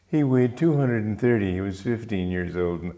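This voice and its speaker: Mellow-voiced man giving spiritual talk. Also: on the low side, animated. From Romania. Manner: gentle, unhurried, with small restarts. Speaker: spiritual teacher.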